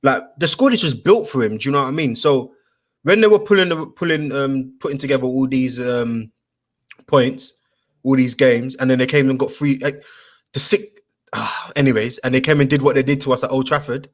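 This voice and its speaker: Animated slangy man. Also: mid-range voice, normal speed. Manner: animated, slangy storytelling with many fillers. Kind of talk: casual chat.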